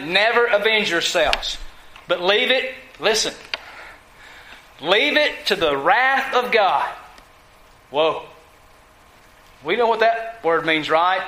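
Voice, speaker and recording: A man's voice: sits high, pushed and bright, echoey room, rough recording. A man preaching a sermon, emphatic, asking his listeners questions and answering them himself. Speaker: pastor.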